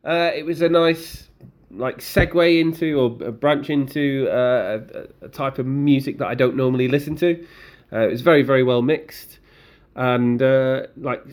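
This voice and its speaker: Speaking at a normal speed with hardly any pauses, this man's voice sits in the mid-range. He co-hosts a podcast and chats casually, rambling with plenty of fillers and restarts.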